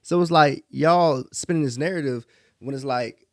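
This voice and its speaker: A man, playful and quick to laugh in a casual podcast chat. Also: fairly high pitch, dry recording, studio quality. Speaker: podcast co-host.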